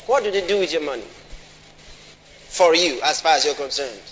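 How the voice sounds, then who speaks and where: A man's voice: fairly high pitch, expressive, normal speed, fairly bright tone. A man preaching a sermon, repeatedly questioning the congregation and pressing his points with emphatic repetition. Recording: long hall reverb, faint noise.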